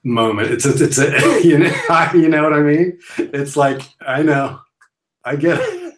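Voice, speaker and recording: A man co-hosting a live podcast stream, talking in a relaxed, drawling way and laughing along. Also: on the high side, unhurried. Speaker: podcast co-host. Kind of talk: casual live-stream chat. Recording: echoey room sound.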